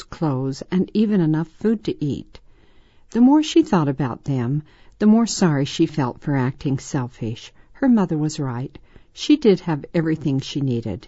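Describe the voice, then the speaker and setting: A woman reads a children's story in a measured, gentle way. Her voice is low and mellow. The recording is dry and dull, with a lo-fi sound. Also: no room sound. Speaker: reader. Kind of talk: scripted storybook narration.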